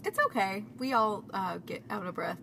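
Bright-voiced young woman podcast co-host. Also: mid-range voice, moderate pace, vocal fry, a little hiss or hum. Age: young adult. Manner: chatty, self-deprecating, rambling. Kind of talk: casual chat.

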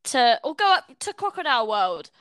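A young woman co-hosting a podcast, giggly and animated in casual chat. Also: sits high, moderate pace, smooth, no room sound. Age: young adult. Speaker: podcast co-host.

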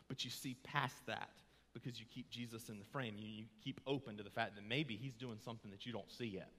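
A man's voice: medium pitch, fairly even intonation, fairly quick, fairly bright tone. A man preaching a sermon in a church, moving from casual asides to impassioned emphasis. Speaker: pastor. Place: church sanctuary. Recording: long hall reverb.

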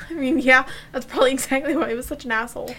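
Chatty young woman with a higher voice. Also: fast talker, fairly bright tone, a little hiss or hum, rough recording. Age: young adult. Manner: chatty, sarcastic, swears freely, laughs often. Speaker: podcast co-host. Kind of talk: casual chat and true crime storytelling.

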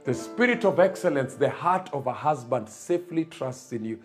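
A man's voice: medium pitch, expressive, moderate pace, soft background music. A man preaching a sermon, emphatic and repetitive, building his points.

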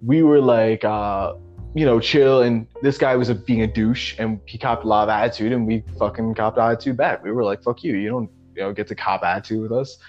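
A young man co-hosting a podcast, telling a long personal story in a relaxed, profane way, with lots of "man" and "you know". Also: lowish voice, a little fast. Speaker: podcast co-host. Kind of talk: casual storytelling chat. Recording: slightly muffled lo-fi audio with faint music.

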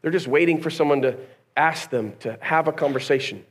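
A man preaching with a fairly high voice, chatting with his congregation rather than lecturing. He uses easy slang, throws out rhetorical questions, and slips into little acted exchanges as he tells a story. His sermon feels like a conversation with friends. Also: brisk. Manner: conversational, acts out quoted dialogue. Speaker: pastor.

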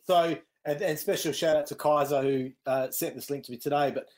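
Jokey Australian man, slightly high voice. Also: steady tone, a little mellow. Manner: jokey, quick to laugh, short agreeing replies. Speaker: podcast co-host. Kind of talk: casual streamed podcast chat.

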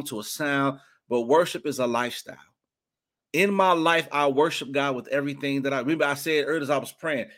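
Fervent high-voiced male preacher. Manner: fervent, with sudden high shouts of praise; colloquial, drops into spoken prayer. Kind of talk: sermon.

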